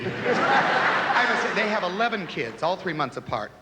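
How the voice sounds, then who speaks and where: A man's voice: high voice, big pitch swings, moderate pace. Campy man doing drag stand-up. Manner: campy, flamboyant joke delivery. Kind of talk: stand-up comedy. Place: TV studio stage before a laughing audience. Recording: 1970s TV audio with a live audience, hiss and hall reverb.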